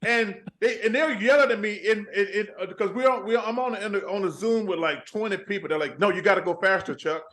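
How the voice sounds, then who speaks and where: An older man with a drawl tells lively stories as a talk show guest. He keeps quoting himself and other people as he goes. His voice sits a little high for a man. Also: fairly quick, few pauses. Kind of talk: casual phone interview.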